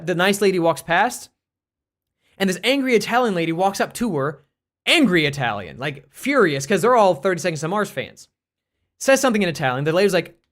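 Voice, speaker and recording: An American streamer and teacher telling a story casually on a live stream, in an animated, rambling way, full of restarts and fillers. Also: medium pitch. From United States.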